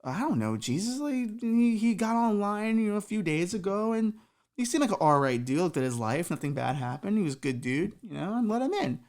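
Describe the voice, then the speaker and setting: A woman's voice: mid-range voice, big pitch swings, fairly quick, a little mellow, voice pushed up, lightly acted. A woman voicing a harried, busy male Saint Peter who talks casually and hurriedly.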